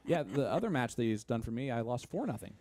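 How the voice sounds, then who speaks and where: A man's voice: mid-range voice, very animated, noisy background. A man with a Midwestern American accent doing casual, joking commentary on a darts stream. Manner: quick, chatty and joking.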